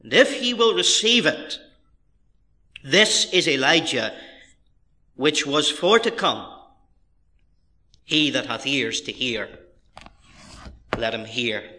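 A man's voice: medium pitch, animated, slow, long pauses, sharp tone. A middle-aged man preaching a sermon as pastor, reading scripture and stressing key phrases with earnest, rising emphasis.

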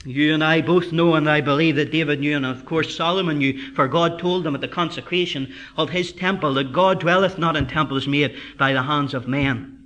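A man preaching a sermon with fervent emphasis, slowing down for scripture and dropping into quiet asides to the congregation. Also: fairly high pitch. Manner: emphatic, builds to fervent climaxes; drops to a quiet conversational aside.

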